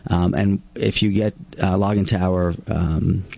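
A man's voice: sits low, steady tone, measured pace, creaky, mellow. A man, a surgeon guest on a radio show, talking casually with frequent restarts. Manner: hesitant, many restarts and fillers.

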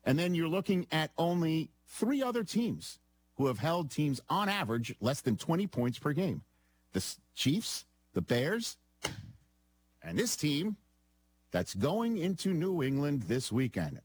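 A man hosting a casual sports talk show with his son, teasing and lively. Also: fairly high pitch, a little slow, breathy edge, no echo. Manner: animated, teasing.

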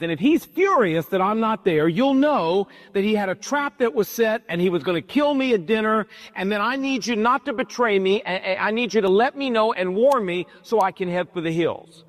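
High-voiced preacher in an echoing hall. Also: male voice, fairly bright tone. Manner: paraphrases scripture in casual modern speech. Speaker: pastor. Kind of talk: sermon.

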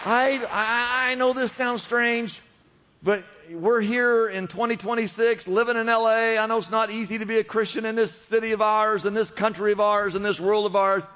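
A man preaching a sermon with a high, bright voice. His delivery swells with fervor and repeated calls to keep going. The sound carries a long reverb from a large church hall. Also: fairly even intonation, moderate pace, a faint crowd. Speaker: pastor.

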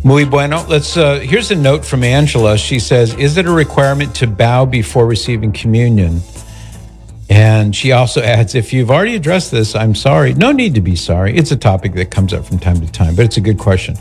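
A man hosting a radio talk show, thanking donors by name and calmly explaining listeners' questions. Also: medium pitch, fairly quick, faint music behind.

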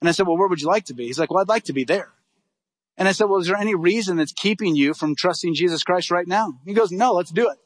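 A middle-aged man preaching a sermon, telling a story with lively acted-out dialogue. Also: high-pitched. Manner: animated, acts out dialogue in quick bursts. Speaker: pastor.

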